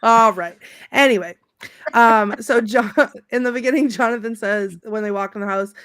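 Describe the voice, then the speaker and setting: A woman's voice: on the high side, moderate pace, background noise. A middle-aged woman on a podcast panel, chatting casually, laughing often and reading favorite movie quotes aloud with relish.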